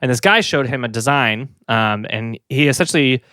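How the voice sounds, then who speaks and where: A man's voice: mid-range voice, normal speed, sharp tone, clear, resonant tone, no echo, clean studio sound. A man co-hosting a casual podcast, telling a story with lots of fillers and restarts, a bit out of breath and slightly sick. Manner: rambling, many fillers and restarts, laughs easily. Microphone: podcast mic, pointed down.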